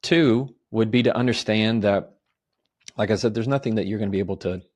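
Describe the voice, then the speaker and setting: A man, an attorney and author, calmly explaining communication advice on a podcast in a measured, step-by-step way. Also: lowish voice. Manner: calm, measured, lists steps and gives example phrases.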